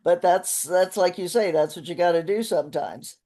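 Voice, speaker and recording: A woman's voice: lowish voice, moderate pace, warm tone. A woman hosting an interview on a coaching call, asking long, rambling questions and laughing often. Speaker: interview host.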